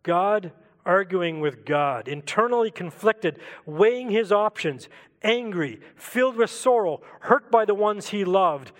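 A man preaching a sermon in a reflective way, asking rhetorical questions and slowing down for emphasis. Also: high-pitched, expressive, long reverb tail.

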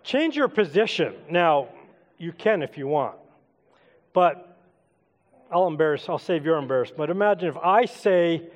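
A middle-aged man with a high voice leads a relaxed, interactive sermon, coaxing his congregation to take part. His voice rings out with a long reverb that trails through a large church sanctuary. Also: measured pace. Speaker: pastor.

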